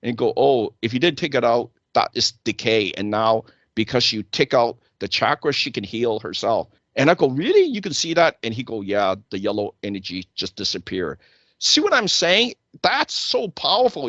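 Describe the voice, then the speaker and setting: A man's voice: mid-range voice, sing-song, moderate pace, a bit bright, no echo. A man hosting a casual talk show, telling stories animatedly and acting out the exchanges he quotes. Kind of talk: casual chat. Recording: dull lo-fi dry sound.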